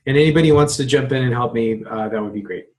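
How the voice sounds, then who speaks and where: A man's voice: mid-range voice, racing. A man running an online release meeting on a video call, talking casually with many fillers and restarts.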